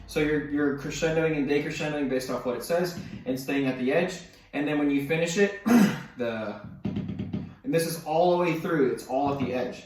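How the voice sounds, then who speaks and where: This male drum instructor has a fairly high voice and speaks at a normal speed, with loud music playing behind him. Going casually through snare exercises, he counts the beats out loud and frequently restarts or says sorry. The mic sits far away in a very echoey room.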